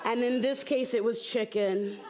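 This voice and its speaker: A woman's voice: fairly high pitch, fairly even intonation, normal speed, crowd noise, noisy background. A woman comedian from the southern United States, telling playful stories on stage before a live audience. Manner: playful, storytelling with jokes. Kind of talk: stand-up talk on stage.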